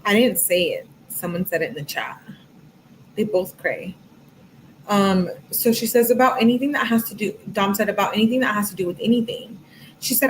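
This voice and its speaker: A woman's voice: mid-range voice, lively intonation, normal speed, a little hiss or hum, rough recording. A woman reading text messages aloud in a casual, sarcastic way, adding her own asides. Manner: casual, sarcastic asides, reads with rising emphasis. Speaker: true crime commentator.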